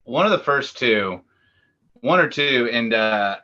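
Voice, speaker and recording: A man co-hosts a casual interview. His voice is bright and forceful, and he rambles through his stories with fillers. The recording is dull and lo-fi. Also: medium pitch, expressive. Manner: rambling, halting storyteller with fillers. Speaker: co-host.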